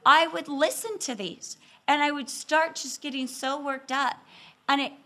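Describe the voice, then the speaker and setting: A pastor's wife telling lively, self-deprecating stories about marriage in a sermon, laughing often and acting out scenes. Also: female voice, high voice, moderate pace.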